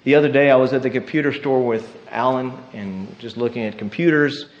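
A male pastor preaches in an easy, conversational style, telling stories and checking in with his listeners. His voice sits at an ordinary pitch for a man. The recording sounds somewhat muffled and lo-fi. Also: a little fast. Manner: conversational, storytelling with tag questions. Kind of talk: sermon.

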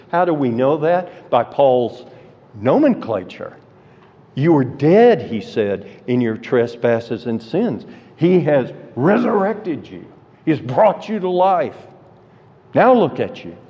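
A man with a warm, rather high voice preaches a sermon, teaching from Bible verses and asking rhetorical questions. The audio is dull and lo-fi, with hall reverb.

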